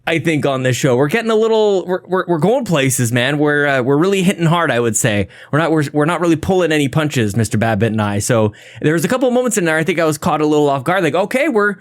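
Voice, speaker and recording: A man's voice: on the high side, expressive, quick pace, few pauses. A man hosting a podcast, chatting casually and energetically through thank-yous and plans, rambling and laughing at himself. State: a little out of breath. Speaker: podcast host. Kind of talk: casual podcast intro and shout-outs.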